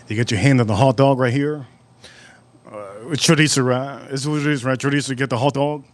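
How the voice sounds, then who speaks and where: A man with a mid-range voice hosts a casual live stream from an outdoor barbecue. He rambles from one story to the next and tells them with animated energy, talking loosely and off the cuff. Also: mid-range voice, fast, dry recording.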